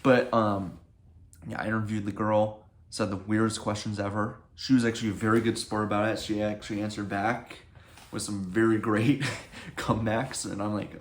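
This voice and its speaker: A young man telling a rambling, excitable story about his own life in a casual vlog. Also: lowish voice, normal speed. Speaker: comedy video creator. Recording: echoey room.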